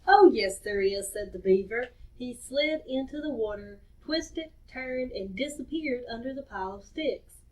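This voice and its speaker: Cheerful, high-voiced woman reading to kids. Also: measured pace. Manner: cheerful, expressive. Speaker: storyteller. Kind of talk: children's read-aloud. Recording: distant dull lo-fi recording.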